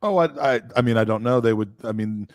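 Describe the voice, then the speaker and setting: A middle-aged man co-hosting a podcast, chatting casually, animated and self-deprecating with stumbling restarts. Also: medium pitch, brisk, dry recording. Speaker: podcast co-host. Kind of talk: casual chat.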